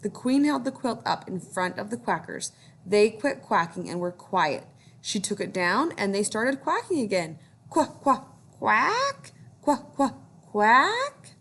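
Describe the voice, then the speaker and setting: A woman's voice: medium pitch, lively intonation, moderate pace, husky. A woman teacher reading a picture book aloud to young children, encouraging them to join in.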